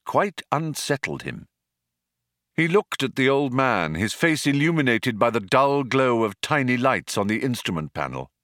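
A man reading a story aloud as narrator, with expressive storytelling. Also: lowish voice, dry recording, clean studio sound. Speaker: audiobook narrator. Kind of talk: scripted narration.

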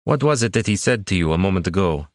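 A composed pirate swordsman, voiced by a man reading aloud, low and even. His questions come out level and businesslike in a dry, close sound. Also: fast, no echo. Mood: calm. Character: cool-headed male pirate swordsman.

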